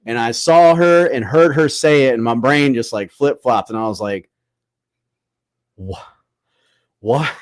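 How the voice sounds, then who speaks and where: A man's voice: mid-range voice, moderate pace, few pauses, smooth, no echo. Profane young man from Florida. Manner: profane, animated anecdote-telling. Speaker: guest rapper. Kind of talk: casual storytelling.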